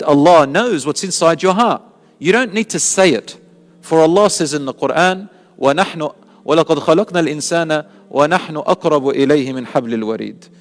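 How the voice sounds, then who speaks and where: A man's voice: a little high, big-room sound. A man giving a religious talk, explaining step by step with rhetorical questions he answers himself. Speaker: Islamic preacher. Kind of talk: sermon.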